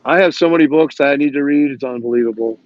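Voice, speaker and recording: A man's voice: mid-range voice, fast. A man showing off comic books in a casual video-call chat, telling stories as he goes. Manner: chatty show-and-tell, storytelling. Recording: dry, dull lo-fi call audio.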